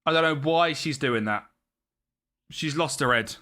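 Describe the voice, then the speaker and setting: A man streaming a football management game, commentating live and chatting with his viewers. He gets excitable and yells at the match. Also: fairly high pitch, measured pace.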